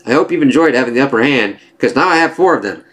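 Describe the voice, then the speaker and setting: A man's voice: medium pitch, lively intonation, quick pace, fairly bright tone, voice pushed up, close to an everyday voice. A man voicing a gloating, scheming male supervillain scientist, raised and hammy.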